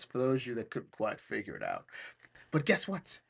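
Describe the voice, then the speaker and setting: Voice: medium pitch, wildly swooping pitch, a little fast, creaky. A podcast host retelling a cartoon episode for laughs, rambling and joking with frequent asides. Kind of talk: comedic cartoon recap.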